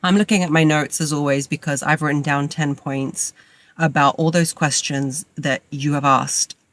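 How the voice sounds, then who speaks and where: This podcast host is a woman in her thirties with a cold, speaking from a parked car into a makeshift mic setup. Her low-pitched voice is steady and fairly bright at normal speed, with no room sound, as she rambles chattily and mocks herself in a casual monologue to listeners.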